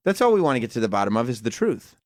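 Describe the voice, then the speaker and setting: Fast-talking guy hosting radio, dry jokey teasing, close dry studio mic. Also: mid-range voice, no echo. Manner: teasing, deadpan jokes. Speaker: radio show co-host. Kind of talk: casual on-air banter. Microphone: studio microphone.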